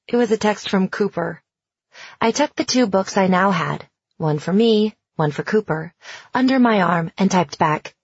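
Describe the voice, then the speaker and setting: Husky woman reading a novel. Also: medium pitch, normal speed, no echo. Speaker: audiobook narrator. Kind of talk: first-person novel narration. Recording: dull, lo-fi.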